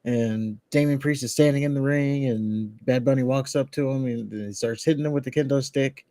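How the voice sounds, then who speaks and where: A man's voice: medium pitch, fairly even intonation, normal speed, dark tone, no room sound. A man co-hosting a podcast, recapping a wrestling show in casual, rambling chat with restarts and laughs. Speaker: podcast co-host.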